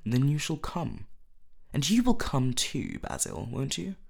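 A man voicing a languid, witty aristocratic gentleman with a drawling, epigrammatic manner. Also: medium pitch, wildly swooping pitch, unhurried, gravelly, voice pushed up, heavily acted.

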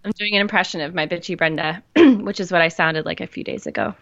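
A woman podcast guest who is getting over a cold, frank and joking, swearing easily in relaxed chat. Her voice sits a little low and sounds close and dry, with a dull, lo-fi tone. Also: fast talker, dry recording.

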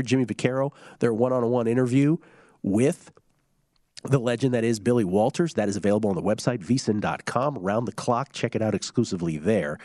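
A man hosts a sports betting program, reading fan tweets and riffing on football in a casual, quick-moving way. He throws in hums and restarts as he goes. His voice sits at an ordinary pitch, and the sound is dry and close. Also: dark tone, dry recording. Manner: quick, loose delivery with filler hums and restarts. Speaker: sports betting show host.

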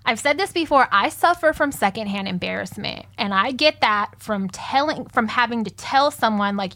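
Young woman, slightly high voice, blunt, curses a lot, casual banter. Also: animated, moderate pace, few pauses, fairly bright tone. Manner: blunt, swears a lot, laughs often. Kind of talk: casual chat.

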